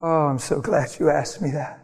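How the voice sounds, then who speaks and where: Animated preacher in an echoing hall. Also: male voice, a little high, normal speed, slightly rough. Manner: animated, laughing often, acts out quoted voices. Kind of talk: sermon with storytelling.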